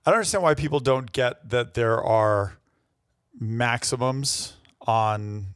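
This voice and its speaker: A man in casual chat, talking haltingly with restarts. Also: mid-range voice, clean tone, no echo, clean studio sound. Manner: halting, hesitant.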